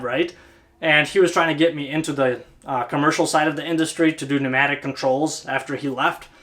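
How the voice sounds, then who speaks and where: A man's voice: medium pitch, fairly bright tone, slight background noise. A man talking casually to camera as a channel host, chatty and informal, often checking in with listeners. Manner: chatty, keeps asking "right?". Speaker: HVAC technician and channel host.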